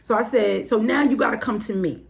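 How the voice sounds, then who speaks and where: A woman's voice: on the high side, a little fast, gravelly. A woman from New Jersey telling a personal story in casual slang, acting out each voice with exclamations and talking straight to her listeners. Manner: animated, acts out every voice in the story, exclaiming. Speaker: host. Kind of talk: storytelling monologue.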